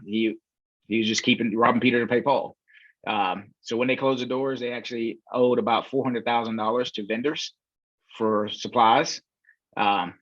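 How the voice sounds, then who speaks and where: A man's voice: fairly low pitch, dry recording. Man telling a story on a dull, dry line. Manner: relaxed storyteller, many fillers, acts out quoted voices. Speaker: podcast guest, real estate investor. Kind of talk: storytelling in a casual interview.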